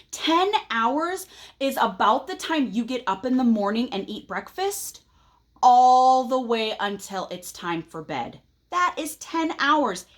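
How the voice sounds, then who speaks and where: Slow, lively woman reading to kids. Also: high-pitched. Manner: asks listeners questions, gentle teacherly tone. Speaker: storyteller reading to children. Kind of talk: picture book read-aloud.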